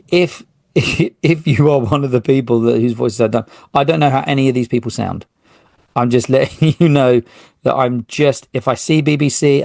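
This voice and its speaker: A man's voice: medium pitch, vocal fry, a little mellow, no echo. A man hosting a solo podcast, talking in a rambling, self-interrupting way with jokey asides. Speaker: podcast host.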